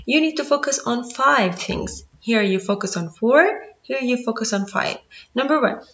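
Woman, teacher, patient step-by-step explaining, fairly high voice, echoey room. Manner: patient, counts points off one by one. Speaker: English teacher. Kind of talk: screen-recorded grammar lesson. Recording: roomy, dull lo-fi audio.

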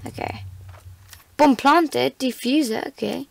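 A woman's voice: sits high, takes it slowly, vocal fry. A woman giving casual, playful gameplay commentary, chatty and self-mocking as she plays. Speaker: gamer. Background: faint background music.

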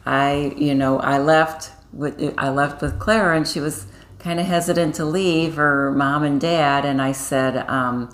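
Picture an older woman from Iowa settling into a relaxed chat, her voice sitting remarkably low for a woman. She co-hosts, rambles a little and fills her stories with small pauses and fillers. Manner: chatty, rambling, warm storytelling with many fillers. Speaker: co-host. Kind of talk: casual chat.

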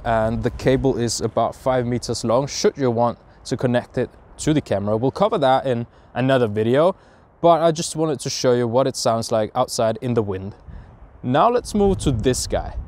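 A man hosting a casual gear review vlog, joking and explaining, recorded outdoors on a windy day with a lavalier mic. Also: medium pitch. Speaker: video host reviewing filming gear. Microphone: lavalier mic into a phone.

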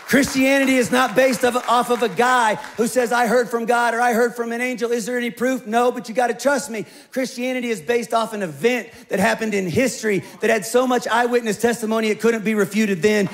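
A middle-aged man who is the pastor, preaching a sermon in a conversational, animated storytelling way with playful asides. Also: sits high, normal speed.

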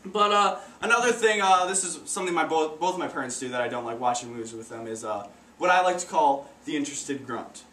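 A teenage boy tries amateur stand-up comedy, stumbling awkwardly and restarting his sentences many times. His voice is on the high side, animated, a little fast and sharp, in a roomy, distant recording with faint noise.

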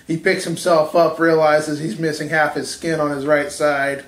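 A man spins a rambling, profane story in casual chat and chuckles at his own jokes. His voice sits a little high and rings in an echoey room. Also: flat delivery, normal speed. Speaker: podcast co-host.

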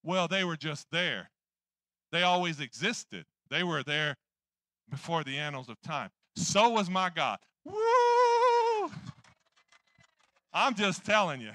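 A male pastor preaching a sermon, telling a personal story in an animated, jokey way and acting out what people said. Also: a little high, a little slow, no room sound. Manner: animated, jokey storyteller acting out his own past lines.

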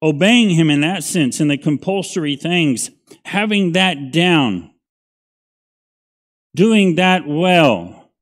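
A man's voice: fairly high pitch, animated, measured pace, fairly bright tone. A middle-aged man, a pastor teaching a Bible study in a conversational, folksy way, often checking in with "right?".

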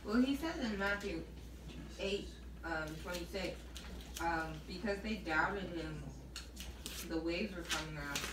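A woman in a Bible study group speaks slowly, pausing to gather her thoughts. Her voice is somewhat low and sounds far off in an echoey room, with clear noise around her. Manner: slow, thoughtful, with "um" pauses.

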